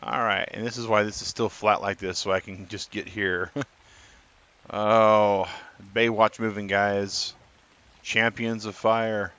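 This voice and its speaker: A man's voice: fairly low pitch, flat delivery, takes it slowly, fairly bright tone, clear, resonant tone, highs cut off. A man giving live gameplay commentary as a streamer, chatting and answering viewers in chat. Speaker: gaming streamer.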